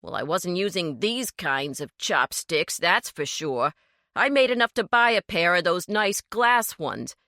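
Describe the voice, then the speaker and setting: A woman voicing a brash, greedy man who mocks and shouts when crossed. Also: fairly low pitch, expressive, measured pace, dry recording, clean studio sound, exaggerated voice. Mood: griping. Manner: loud, sneering outbursts. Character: brash, greedy man, mocking and quick to anger.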